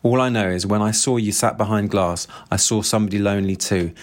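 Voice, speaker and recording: A man's voice: lowish voice, fairly even intonation, brisk, natural voice. A man voicing a lonely widowed Scottish suitor, attempting a Scottish accent. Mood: earnest.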